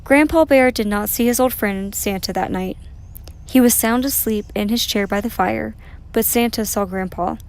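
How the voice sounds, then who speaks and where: Woman gently reading a bedtime story. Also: fairly high pitch, moderate pace. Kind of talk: children's story read aloud.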